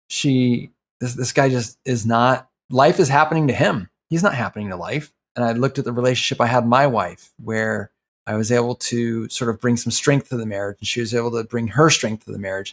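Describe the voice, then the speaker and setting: Earnest middle-aged man telling a story. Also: mid-range voice. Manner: earnest, reflective, slows down for emphasis. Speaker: podcast co-host. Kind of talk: heartfelt conversational storytelling.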